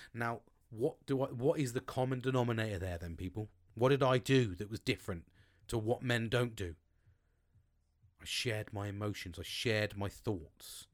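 A man hosting a podcast in a casual monologue, swearing freely and letting his voice swing with feeling. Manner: swears often, expressive swings in pitch. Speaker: podcast host. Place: home, outdoors on a sunny afternoon.

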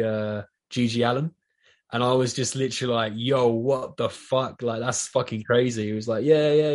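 A man with a South East London accent, chatting loosely on a podcast and swearing a lot as he rambles. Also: mid-range voice. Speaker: podcast guest. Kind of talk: casual chat.

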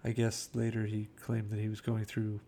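A man's voice: lowish voice, monotone, moderate pace, dark tone, slight background noise. A man casually telling behind-the-scenes film anecdotes in a chatty way, acting out quotes. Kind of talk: casual storytelling commentary.

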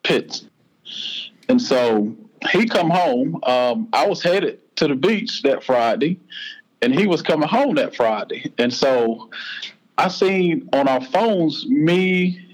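Earnest Southern man, slightly high voice. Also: expressive, takes it slowly, rough recording. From North Carolina, US. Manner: earnest, heartfelt, casual Southern speech. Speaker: podcast guest. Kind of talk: personal storytelling.

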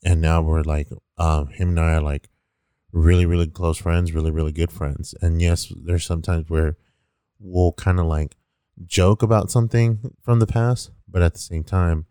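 A young man with a very deep, warm voice, smooth and resonant. He rambles through a casual story with lots of "like" fillers, recorded close and dry. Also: steady tone, moderate pace, no echo. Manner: rambling, heavy use of 'like', swears casually.

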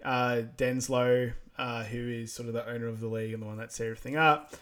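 A man talking through a film's plot on a casual podcast. His pitch sits in a plain middle range, and he moves along at an easygoing pace, filling gaps with ums. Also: fast talker. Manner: relaxed, recaps plot with many ums and quiet laughs. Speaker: podcast co-host. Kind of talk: casual movie rewatch chat.

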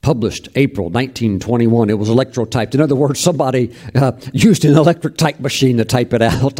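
A man's voice: mid-range voice, a little fast, few pauses, dark tone. A male pastor teaching from scripture in a conversational, emphatic sermon style.

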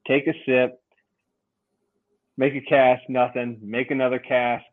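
A man's voice: medium pitch, little pitch movement, unhurried. A man co-hosting a podcast, casually telling a rambling story, swearing and laughing often. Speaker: podcast co-host. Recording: phone-like lo-fi radio sound.

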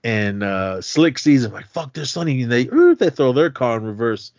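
A man's voice: medium pitch, normal speed, no room sound. A man co-hosting a podcast, retelling a film's plot in casual chat and acting out the characters' lines. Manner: animated retelling, acts out quotes. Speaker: podcast co-host. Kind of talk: casual movie recap. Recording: slightly muffled, dry sound.

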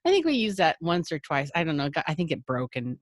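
Low-voiced woman, dry close sound. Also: sing-song, fast talker, dry recording. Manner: frank and rambling, restarts often. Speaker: podcast guest. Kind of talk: candid casual chat.

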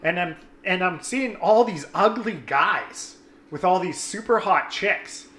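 A young man telling a story in casual chat, animated and swearing, acting out his friends' lines. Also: high voice, takes it slowly, reverberant.

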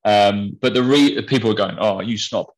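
On a low-quality recording, a podcast co-host, a young man with a lowish voice at normal speed, tells a blunt story in casual chat, cursing freely.

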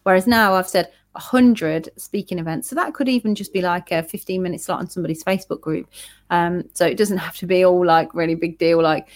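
A woman's voice: lowish voice, no room sound. Chatty woman podcast host, dry sound. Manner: chatty, quick restarts and fillers. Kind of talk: casual chat.

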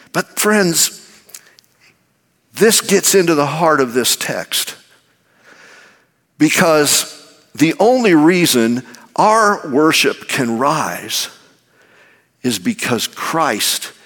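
A man delivers a sermon from the pulpit at an unhurried, emphatic pace. His fairly high voice climbs and then sinks low on key words. A long reverb from the large church hall trails every phrase. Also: fairly bright tone. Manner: slow, emphatic preaching with dramatic drops and climbs in pitch. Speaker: pastor.

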